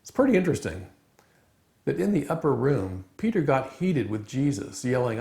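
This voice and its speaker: Male chapel speaker, sermon, lively storytelling, gravelly tone, reverberant room sound. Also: mid-range voice, normal speed. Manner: animated storytelling with dramatic emphasis. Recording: roomy echo.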